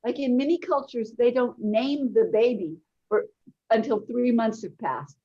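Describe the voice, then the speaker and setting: A woman's voice: a little high, measured pace, mellow, husky, muffled recording. An older woman teacher speaking earnestly, full of wonder, over a video call. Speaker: guest, energy teacher. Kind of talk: video interview.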